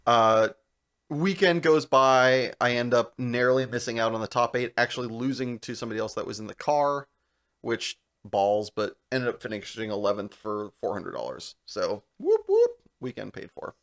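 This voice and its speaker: A young man co-hosting a podcast, telling a long story in casual chat, animated and laughing as he goes. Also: mid-range voice, moderate pace. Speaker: podcast co-host.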